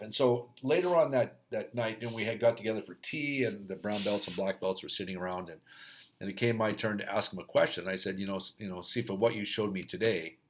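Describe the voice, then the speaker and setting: A middle-aged man and hockey coach, talking through a casual reflective rant, rambling with many restarts. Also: on the low side.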